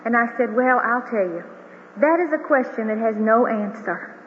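Speaking at normal speed with lively intonation, a grandmother whose voice is on the high side shares a sincere faith testimony with a big crowd in a hall. Her storytelling is heartfelt. There's a bit of hiss or hum, and the sound is a tinny, reverberant broadcast.

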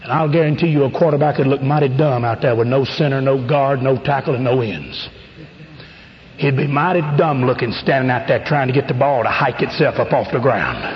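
A middle-aged man preaching a fervent sermon, rising to shouts at the peaks. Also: medium pitch, a little fast. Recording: dull radio broadcast with long reverb.

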